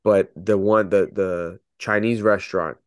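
A man's voice: low voice, fairly even intonation, a little slow, dry recording, studio quality. A man co-hosting a podcast in casual chat, easygoing, asking probing questions and laughing often. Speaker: podcast co-host.

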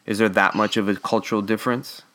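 A man's voice: lowish voice, fairly even intonation, quick pace, fairly bright tone. A man hosting a podcast, asking questions in casual chat, friendly and teasing, laughing easily. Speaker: podcast host.

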